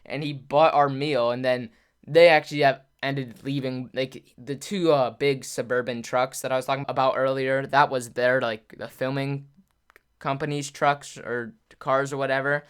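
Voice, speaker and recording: A man, a gaming YouTuber, casually telling a story to his viewers, rambling and filling every pause with "like". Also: medium pitch, level tone, clean tone. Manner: rambling, filler-heavy, says "like" constantly; acts out quoted voices of others.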